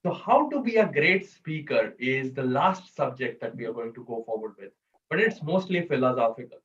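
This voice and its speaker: A man's voice: mid-range voice, lively intonation, moderate pace, a bit bright. A man leading an online public speaking workshop, coaching and quizzing the audience over a video call. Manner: coaching, asks audience questions. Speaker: workshop presenter. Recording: distant, dull video-call audio.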